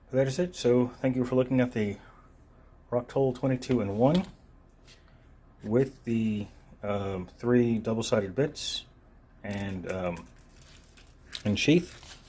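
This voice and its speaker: A man casually reviewing a multitool on camera, talking in a relaxed, meandering way with frequent ums and uhs while he handles it. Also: lowish voice. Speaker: gear reviewer. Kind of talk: unscripted product review. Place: filming himself while handling the tool.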